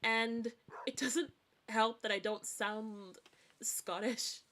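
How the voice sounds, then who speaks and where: A woman's voice: a little high, fairly even intonation, takes it slowly, pushed and bright. Rambling streamer woman, hard-to-place accent. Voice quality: hard-to-place mixed accent, formal and informal words. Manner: rambling, self-correcting, giggly. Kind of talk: casual gaming stream chat.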